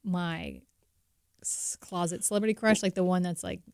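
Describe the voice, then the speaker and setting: A woman co-hosting a podcast in casual chat, talkative and quick to laugh. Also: on the low side, fairly even intonation, vocal fry, a little mellow, clear, resonant tone, no room sound, clean studio sound. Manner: chatty, laughs often. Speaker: podcast co-host.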